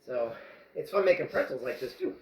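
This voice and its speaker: A man's voice: fairly high pitch, huge pitch swings, a little fast, roomy sound, heavy background noise. A man making bread in his home kitchen, joking around and singing to himself while he kneads the dough. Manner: goofy, playful, jokes and sings while kneading dough. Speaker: home cook. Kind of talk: casual cooking vlog.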